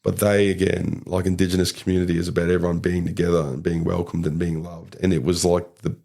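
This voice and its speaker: Gravelly deep-voiced Australian young man. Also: level tone, fast talker, mellow. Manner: rambling, filler-heavy storytelling with lots of "like". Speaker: podcast guest, rugby league player. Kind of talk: casual storytelling chat.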